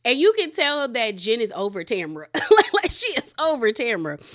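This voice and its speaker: A woman's voice: a little high, moderate pace. A woman giving a chatty, gossipy recap of a reality TV episode, acting out the cast's lines as she retells them. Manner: chatty, gossipy, animated retelling with quoted voices. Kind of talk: casual recap commentary.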